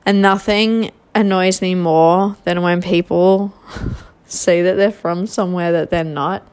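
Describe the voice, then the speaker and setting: A young woman with a fairly low voice talks through a reality show recap in loose, casual chat. She is gossipy and chatty, with exasperated asides. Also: steady tone, slow pace, a little mellow, clear, resonant tone.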